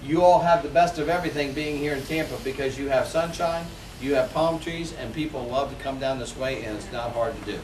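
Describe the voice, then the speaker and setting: A man's voice: mid-range voice, brisk, few pauses, noisy background. A man in his forties, a sales trainer, leading a seminar and acting out customer phone calls with lots of energy. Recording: echoey room, mic from a distance.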